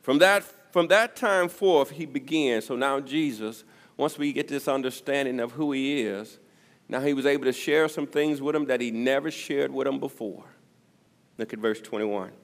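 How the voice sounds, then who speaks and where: A male pastor preaching a sermon, his delivery swinging from loud emphasis to near-whispers. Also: mid-range voice, normal speed. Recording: long reverb of a church hall.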